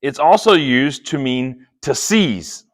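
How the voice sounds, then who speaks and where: A man preaching a sermon, playful and chatty, acting out quick quoted asides. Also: mid-range voice, lively intonation. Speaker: pastor.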